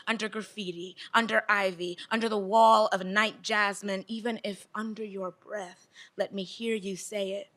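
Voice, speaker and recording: A woman's voice: medium pitch, sharp tone. A woman poet giving a poetry reading, moving from loose, rambling asides into rhythmic, repeating lines of verse. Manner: rhythmic, repetitive recitation.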